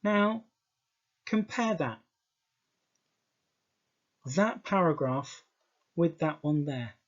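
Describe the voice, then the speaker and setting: Slow, emphatic British male teacher. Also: a little high, animated. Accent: British English. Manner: slow, emphatic, repeats words for stress. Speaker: English teacher. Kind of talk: exam skills lesson. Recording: dull lo-fi sound.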